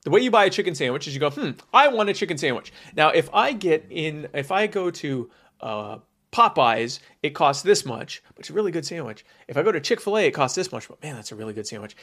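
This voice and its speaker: A man's voice: fairly high pitch, very animated, fairly quick, a bit bright. A man from the United States giving a sarcastic, emphatic opinion monologue, with many fillers.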